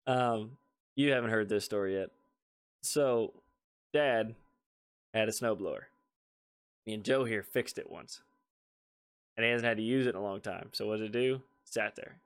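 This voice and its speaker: A man's voice: on the low side, moderate pace, pauses often, clear, resonant tone. Podcast guy telling a goofy story about his dad, laughs a lot. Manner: laughs while telling family stories. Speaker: podcast co-host. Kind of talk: casual storytelling chat.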